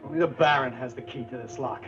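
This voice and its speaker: An actor playing an uneasy man in a 1960s horror film, speaking in hushed warnings. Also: medium pitch, quick pace, music in the background, natural voice. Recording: dull old film audio, distant.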